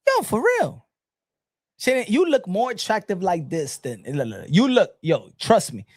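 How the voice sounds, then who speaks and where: A man from New City, doing a loud, profane, taunting comedic rant as an online commentator. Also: sits high, huge pitch swings, a little slow, dry recording, clean studio sound. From New York City.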